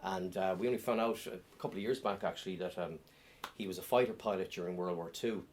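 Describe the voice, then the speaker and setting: A middle-aged man doing a deadpan stand-up comedy set on a club stage, with many ums and uhs. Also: low-pitched, fast talker, slight background noise.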